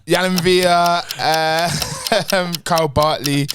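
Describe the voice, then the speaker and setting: A man's voice: fairly high pitch, steady tone, noisy background. Laughing, pleading young man guest. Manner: laughing, pleading, quick bursts. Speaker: podcast guest. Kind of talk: casual chat.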